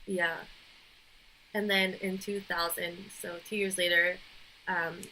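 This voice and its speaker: A woman's voice: lowish voice, little pitch movement, takes it slowly, bright, forceful tone, slight background noise, low-quality recording. A woman co-hosting a podcast, chatting loosely and recounting a creepy story. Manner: chatty, giggly, loose with details. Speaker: podcast co-host. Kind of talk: casual chat, storytelling.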